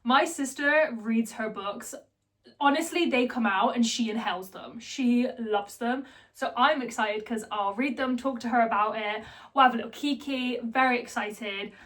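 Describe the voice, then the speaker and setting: A woman's voice: on the high side, moderate pace, a bit bright. A young woman, chatting to camera as a book vlogger in a chatty, giggly way. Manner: chatty and giggly, with many fillers. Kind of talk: casual chat to camera.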